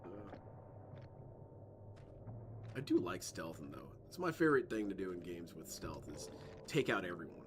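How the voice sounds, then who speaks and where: A man's voice: deep voice, big pitch swings, moderate pace, pauses often, background noise. A man giving loose, joking commentary as he plays a stealth game, drifting into tangents. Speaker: let's play host. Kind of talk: gameplay commentary. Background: game music.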